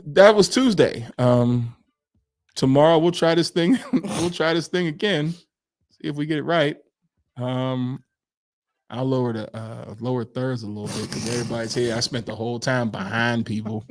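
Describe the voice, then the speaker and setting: A man co-hosting a podcast, telling a story in casual chat, animated, acting out quotes and laughing often. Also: mid-range voice, unhurried. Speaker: podcast co-host.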